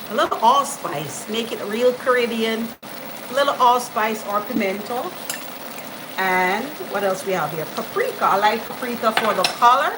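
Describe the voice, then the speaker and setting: Woman, cooking host, live stream, chatty, enthusiastic, slow talker, home kitchen, sizzling pan noise behind. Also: medium pitch. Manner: chatty and enthusiastic, greeting viewers warmly. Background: frying and sizzling food.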